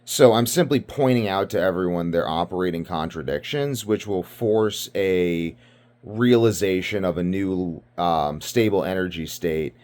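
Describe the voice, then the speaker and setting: A man's voice: low-pitched, measured pace, a little mellow. A man from Britain giving rambling casual commentary, ranting and profane, full of fillers. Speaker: video commentator.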